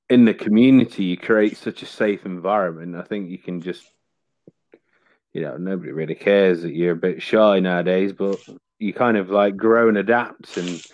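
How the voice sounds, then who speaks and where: A man with a lowish voice chats on a podcast. He rambles through his stories with lots of fillers and restarts. His voice is recorded close and dry, with little room sound. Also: darkish tone, dry recording. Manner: rambling storytelling with many fillers. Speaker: podcast guest. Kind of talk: casual chat.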